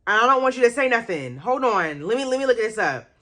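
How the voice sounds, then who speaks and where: Young female host, casual chat, animated, lively pitch swings. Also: quick pace. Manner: animated, laughing and exclaiming, reacting to chat comments. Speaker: radio host reviewing movies. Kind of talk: casual livestream chat with viewers.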